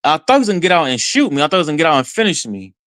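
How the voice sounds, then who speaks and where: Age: adult. Sex: man. Style: excited first-person storytelling as a podcast guest. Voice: fairly high, dry. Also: rapid-fire, dry recording. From Texas. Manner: excited, retells events with quoted self-talk.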